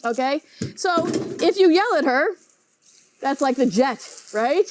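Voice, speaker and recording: A woman teaching a children's Bible lesson, animated and often asking the kids questions. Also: sits high, a little slow, background noise.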